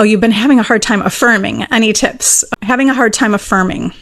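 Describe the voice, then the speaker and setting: Earnest woman coach, slightly high voice. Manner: earnest, emphatic, repeats key phrases. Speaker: manifestation coach. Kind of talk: casual teaching monologue.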